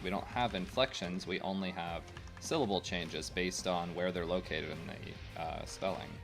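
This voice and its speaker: Low-voiced man chatting to viewers. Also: fairly even intonation, normal speed, gravelly. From United States. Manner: rambling, opinionated, full of fillers. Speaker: game streamer. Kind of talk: casual chat with stream viewers. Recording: faint game music behind.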